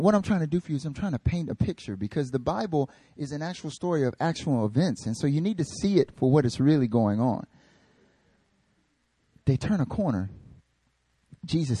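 A man preaching a casual, joking sermon in an animated, slangy way. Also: a little high, husky, dry recording.

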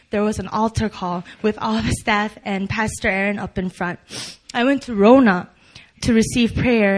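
A young woman giving an earnest personal testimony at a church service, with small nervous laughs between lines. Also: mid-range voice. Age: young adult.

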